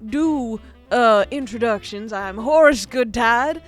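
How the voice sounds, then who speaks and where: A man's voice: very high-pitched, slow, a bit bright, heavily acted. Jovial round-bellied village man, as the game master puts him on, hearty welcoming tone, faint music behind.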